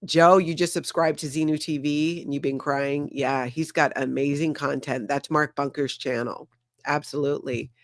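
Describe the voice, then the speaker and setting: A woman's voice: sits low, fairly even intonation, normal speed, dry recording. Chatty woman in her fifties, dry sound. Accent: Hawaiian Pidgin, light. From Hawaii. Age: 50s. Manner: chatty, greets viewers by name, trails off mid-sentence. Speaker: livestream host. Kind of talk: casual live-stream chat.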